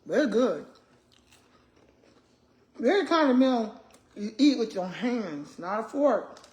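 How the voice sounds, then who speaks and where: A retired school principal in her 60s chats casually with viewers while she eats, calling them y'all and humming and murmuring between bites. Her voice is a little high, expressive and a little mellow, and she takes her time.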